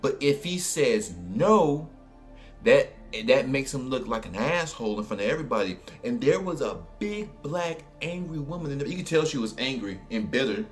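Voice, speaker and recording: Animated New Orleans storyteller, man. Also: medium pitch, normal speed, soft background music. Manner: animated, colloquial, many fillers. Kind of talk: casual spoken storytelling.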